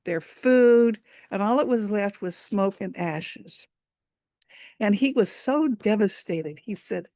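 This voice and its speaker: Halting woman telling a folk tale. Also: mid-range voice, warm tone, no echo, clean studio sound. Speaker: storyteller. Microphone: video call.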